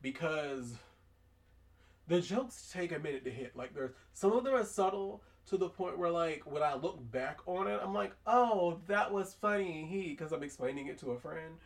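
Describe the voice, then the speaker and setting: Man, high voice, casual show recap, animated, acts out lines, a bit off-mic. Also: normal speed, gravelly, far from the mic. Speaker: podcast host.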